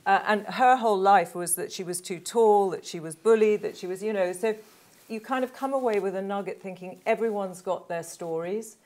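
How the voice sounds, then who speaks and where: A woman's voice: mid-range voice, normal speed, a little mellow. A British woman on a talk panel, speaking in an enthusiastic, chatty way with frequent "like"s. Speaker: panel guest. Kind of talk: casual chat.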